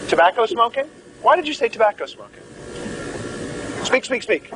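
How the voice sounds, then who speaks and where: A man's voice: very high voice, sing-song, normal speed, noisy background. A man giving a live medical lecture, joking and theatrical as he quizzes the class.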